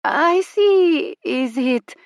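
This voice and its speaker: A woman's voice: high voice, expressive, dry recording, clean studio sound, voice pushed up, exaggerated voice. Woman voicing a shrewd dialect-speaking fortune teller. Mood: theatrical. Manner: slow, knowing, dialect-tinged speech. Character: shrewd middle-aged female fortune teller.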